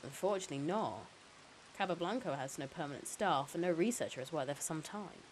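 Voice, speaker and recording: A woman reading the lines of a calm, careful male hospital doctor who explains things in a measured way. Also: low voice, a little hiss or hum, rough recording. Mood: calm explaining.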